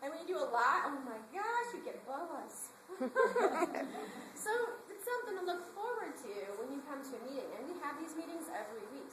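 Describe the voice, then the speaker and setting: A woman giving a chatty sales pitch at a meeting, telling stories and asking the audience questions. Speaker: sales director recruiting at a meeting. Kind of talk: animated sales presentation to a group. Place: meeting room before an audience. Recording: echoey room with noise.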